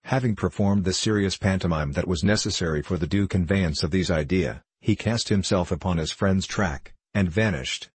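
A man narrating a classic novel in a measured, even way. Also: deep voice, husky, dry recording. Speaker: audiobook narrator.

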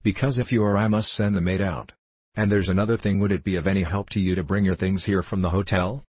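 A weary, practical middle-aged shopkeeping widow, tired and short on patience, as a man reads her in his own low voice. The voice is deep and husky, and the recording is dry and close. It comes across as a story read aloud. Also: steady tone, fast, a little mellow, no echo. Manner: tired and impatient.

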